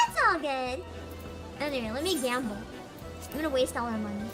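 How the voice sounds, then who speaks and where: An excitable woman streamer reacting to a video game, very high-pitched and lively, laughing and swearing freely. Music plays clearly behind her voice. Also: normal speed. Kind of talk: casual gaming livestream commentary.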